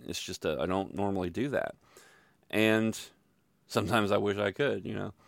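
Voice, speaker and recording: A middle-aged man tells a long personal story in a loose, self-deprecating ramble, stopping for asides and fillers. His voice sits fairly low with a gravelly edge. The recording is dry and close, with no room sound. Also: moderate pace, no echo. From Louisville, Kentucky area. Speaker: podcast host telling a personal story. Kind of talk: casual storytelling monologue.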